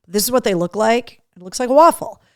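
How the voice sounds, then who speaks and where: A woman's voice: a little high, lively intonation, fast talker, a bit bright, no echo, clean studio sound. A woman hosting a live webcast, chatting casually and bluntly, swearing and reading out viewer comments while eating. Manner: chatty and blunt, swears freely, talks with mouth full. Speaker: radio host running a live webcast. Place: small home studio.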